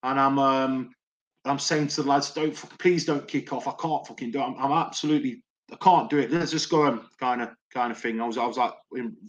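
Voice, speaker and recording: A man's voice: medium pitch, steady tone, fairly quick. A middle-aged man, a former doorman, telling stories to a podcast host in a rambling, repetitive way and swearing often. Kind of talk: casual storytelling.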